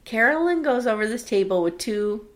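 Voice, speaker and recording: A woman casually co-hosting a podcast, recapping a TV episode with animated storytelling and acted-out quotes. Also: fairly high pitch, normal speed. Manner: animated storytelling, acts out quotes, laughs often. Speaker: podcast co-host recapping a TV show. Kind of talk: casual chat.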